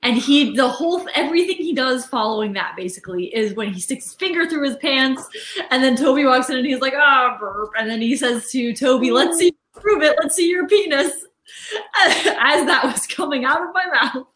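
A woman's voice: high voice, animated, moderate pace, fairly bright tone, roomy sound. A woman co-hosting a casual podcast chat who laughs often and quotes scenes in a raised voice. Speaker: podcast co-host.

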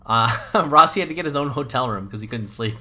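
A man co-hosting a podcast in casual chat, chiming in with wry asides and quick stories. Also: medium pitch, expressive, sharp tone. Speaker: podcast co-host.

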